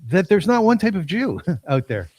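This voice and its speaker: A man's voice: sits high, very animated, moderate pace, no room sound. A man from Canada hosting a podcast interview, talking effusively and repeating himself for emphasis. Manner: warmly effusive, emphatic repetition. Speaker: podcast host.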